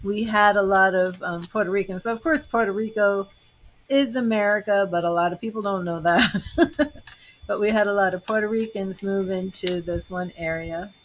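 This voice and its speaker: A middle-aged tarot reader and psychic host from Boston, Massachusetts chats with livestream viewers in a loose, rambling way, laughing often. She has a medium-pitched voice and talks at a normal speed. A little hiss or hum sits under the audio.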